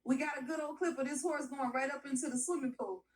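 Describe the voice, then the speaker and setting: A sassy, high-pitched woman hosting her own talk show, played by a man, chatting away to the audience in a folksy, teasing manner. Her voice sits well up in the register. It is picked up from a little distance off the mic in this comedy sketch. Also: fairly even intonation, fast. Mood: chatty, sassy. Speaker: talk-show host character. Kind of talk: comedic character monologue.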